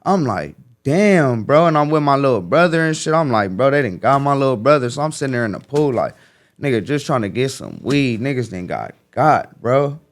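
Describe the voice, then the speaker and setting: Young guy, street slang, casual storytelling, keeps jumping way up to act out the voices. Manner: animated, acts out quotes with sharp pitch jumps; heavy slang, fast casual street talk. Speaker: guest.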